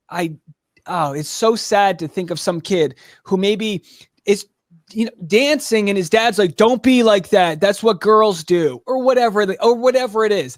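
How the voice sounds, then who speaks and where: High-voiced man telling stories animatedly. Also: no echo, clean studio sound. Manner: animated storyteller, quick restarts and asides. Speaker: comedian and podcaster, guest. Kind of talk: casual interview storytelling.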